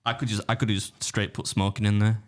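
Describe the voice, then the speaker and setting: A man's voice: lowish voice, level tone, fairly quick. A man co-hosting a casual podcast. He rambles, interrupts himself and jokes dryly. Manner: rambling, self-interrupting, dry humour. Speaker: podcast co-host.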